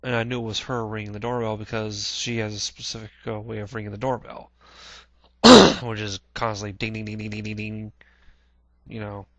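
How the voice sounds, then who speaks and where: A man vlogging a casual personal recollection, halting with many restarts, clearing his throat often and swearing casually. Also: on the low side, a bit bright, lo-fi sound. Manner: plain-spoken, swears casually.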